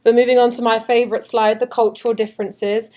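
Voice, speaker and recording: Giving an orientation presentation for study abroad, a young woman from the UK speaks with a British English accent in a warm, level voice on the high side, at a fast pace. She's chatty and upbeat, joking with the audience.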